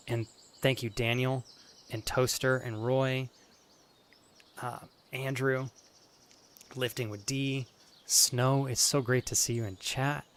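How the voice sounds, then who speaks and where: A male streamer, choked up and close to tears, thanking his viewers in halting, stammering bursts. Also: medium pitch, fairly bright tone, a little hiss or hum. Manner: halting, restarting, stammering with emotion. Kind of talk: emotional live-stream thank-you to chat.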